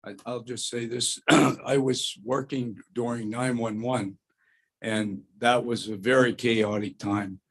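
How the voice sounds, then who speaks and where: A hoarse man chairs a school board meeting. He speaks plainly, clears his throat now and then, and reads a formal resolution at a measured pace. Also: medium pitch, fairly even intonation, a bit bright.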